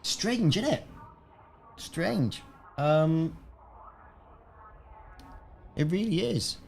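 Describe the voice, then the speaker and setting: A man's voice: a little high, lively intonation, drawn-out words, vocal fry, a little mellow, a little hiss or hum. A man casually chatting on a game live stream, rambling and answering viewers by name. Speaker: gaming streamer.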